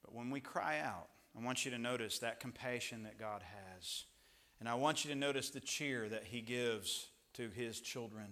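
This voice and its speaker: Animated preacher man with a bright, forceful voice. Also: medium pitch, moderate pace. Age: young children at home, father. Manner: animated, swings between loud emphasis and hushed tones. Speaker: pastor. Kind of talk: sermon with personal stories.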